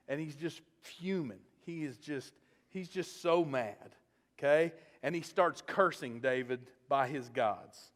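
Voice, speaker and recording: A man preaching a sermon as a pastor, retelling a story with lively storytelling and acting out the characters. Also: fairly high pitch, slow, in a large hall. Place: church sanctuary.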